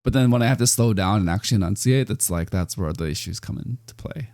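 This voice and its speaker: A man's voice: lowish voice, fast talker, a little mellow, dry recording, studio quality. A man hosting a casual podcast chat, talkative and self-deprecating, rambling a little as he thinks aloud. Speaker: podcast host.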